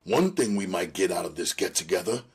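A man's voice: deep voice, lively intonation, fairly quick, darkish tone, breathy edge, exaggerated voice. A man reading a cocky young gang bruiser, boastful and brash.

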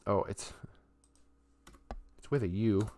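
A man's voice: lowish voice, takes it slowly, a little mellow. A man streaming live and chatting casually as he shows things on screen. He rambles with lots of fillers and restarts and swears offhandedly. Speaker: streamer and artist.

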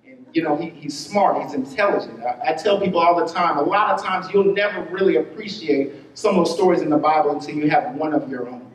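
A man preaching a sermon as pastor, telling a story with quick bursts and drawn-out words. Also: a little high, slight background noise. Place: church sanctuary. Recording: roomy church hall, voice from a distance.

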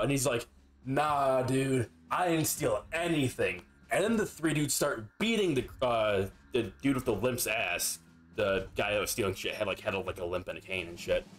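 A young man streaming a game, telling a story in a rambling, profane, filler-heavy casual way. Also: mid-range voice. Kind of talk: casual storytelling while gaming.

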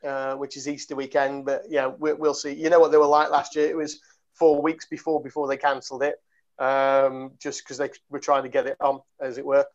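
A man's voice: medium pitch, level tone, brisk. A man hosting a casual podcast chat, rambling and laughing through a story. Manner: rambling, full of fillers and laughter. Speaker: podcast host. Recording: dull lo-fi podcast audio.

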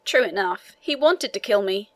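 A man's voice: high voice, animated, moderate pace, fairly bright tone. A woman voicing a blunt prison turnkey.

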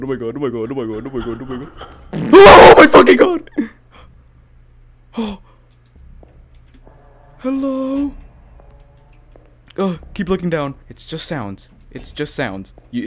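Man, gaming commentary, horror playthrough, panicky, swearing, gasping, very lively swings in pitch. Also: fairly quick. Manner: jumpy and panicky, gasping, swearing, nervous laughter. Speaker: gaming YouTuber.

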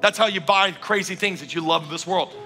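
Bright, forceful preaching pastor. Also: male voice, high voice, a little fast, faint music behind. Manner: energetic, emphatic preaching with repeated phrases. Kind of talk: sermon. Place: church auditorium.

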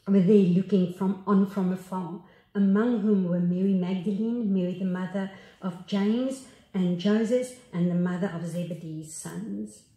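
A woman pastor with a South African accent giving a sermon, reading scripture slowly and reverently, pausing and restarting now and then. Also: medium pitch, warm tone. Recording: echoey room.

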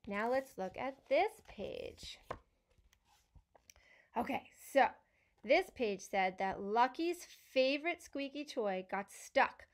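A young woman speech-language pathologist reading a picture book to children, asking questions and praising answers slowly and encouragingly. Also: a little high, fairly bright tone.

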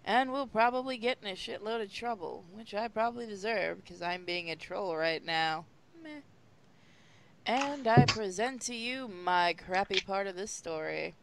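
Woman, dry sarcastic reading, mid pitch, keyboard clicks behind. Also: measured pace, gravelly, slight background noise. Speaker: reader. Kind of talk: comedic reading of fan fiction.

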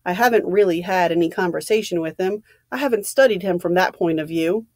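A woman's voice: lowish voice, brisk, darkish tone, dry recording, lightly acted. A woman voicing a worried middle-aged doctor who hedges every word. He sounds doubtful and uneasy. The recording is dry and close. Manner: hesitant, doubtful.

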